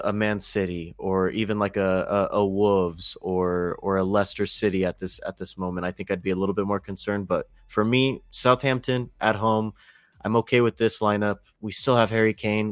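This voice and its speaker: A man co-hosting a sports podcast, calmly talking things through point by point in casual chat. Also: on the low side, dry recording, clean studio sound. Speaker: podcast co-host.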